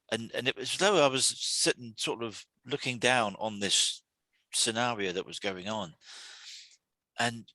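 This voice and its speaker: A man hosting a weekly talk series, explaining calmly in a halting way, often repeating words and restarting. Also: lowish voice, no echo. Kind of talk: solo talk to camera.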